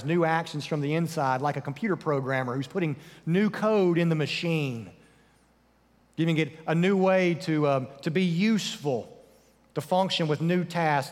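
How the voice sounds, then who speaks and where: A man preaching a sermon, asking rhetorical questions and dropping his voice low for emphasis. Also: in a large hall. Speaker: pastor.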